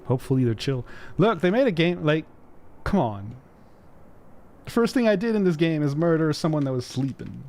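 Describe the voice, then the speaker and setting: A man's voice: fairly high pitch, sing-song, moderate pace, pauses often, a little mellow. Joking man streaming a game. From Quebec. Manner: joking, reads game text aloud in dramatic voice. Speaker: gaming streamer. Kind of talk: casual let's-play commentary.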